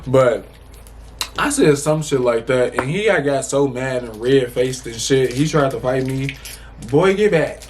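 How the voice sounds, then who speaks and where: A young man chats straight to the camera in a loose storytime vlog, swearing freely and circling back on himself as he tries to remember details. His voice sits at an ordinary middle pitch, and a faint hiss of room noise runs underneath. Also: a little slow. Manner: animated, profane, rambling with restarts. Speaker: storytime vlogger. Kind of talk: casual storytime.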